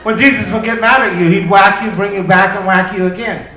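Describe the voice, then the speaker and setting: A man's voice: high voice, steady tone, brisk. A man performing a loose, profane, self-deprecating stand-up comedy set on a club stage. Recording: echoey club with crowd laughter. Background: audience laughter.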